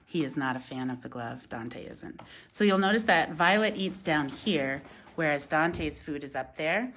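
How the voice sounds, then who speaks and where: A woman who teaches at a wildlife center, showing a bird's feeding on a live stream. She coos at the birds in a sing-song voice, explains calmly, and thanks viewers by reading out their comments. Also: low voice, unhurried. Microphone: phone camera.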